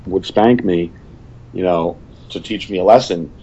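A man's voice: low-pitched, a little slow, warm tone, husky, lo-fi sound. A man talking in a casual podcast chat, plain-spoken and stern, with many fillers and restarts. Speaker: guest.

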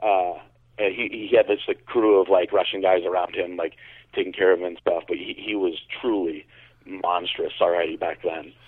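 A man's voice: low voice, fairly even intonation, normal speed. A man co-hosting a podcast, telling a story in a rambling way with lots of fillers and restarts. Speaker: podcast co-host. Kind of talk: casual storytelling. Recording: phone-like narrow sound.

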